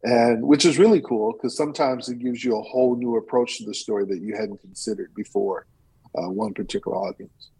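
Husky, animated male storyteller. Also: mid-range voice, a little fast, rough recording. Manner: animated, expressive, playful. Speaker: storyteller and teaching artist. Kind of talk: interview chat and live storytelling.

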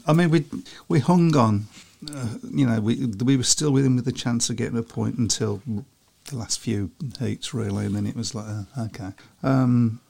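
A man's voice: medium pitch, normal speed, vocal fry, few pauses, mellow. A man co-hosting a podcast in a chatty way, reading out scores and listener comments. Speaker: podcast co-host. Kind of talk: casual chat about speedway.

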